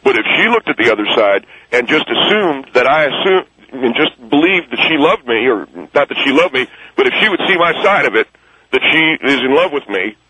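A man's voice: medium pitch, lively intonation, a little fast, sharp tone, slight background noise, rough recording. A man voicing a crude, defensive businessman who mocks and insults callers. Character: crude defensive male businessman, self-pitying. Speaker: guest character.

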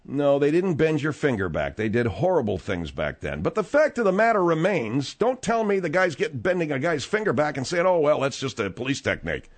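A man hosting a late-night radio talk show at a studio microphone. His voice sits a touch high and swings widely in pitch. He talks bluntly and conversationally with callers. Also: big pitch swings, fairly quick, hardly any pauses.

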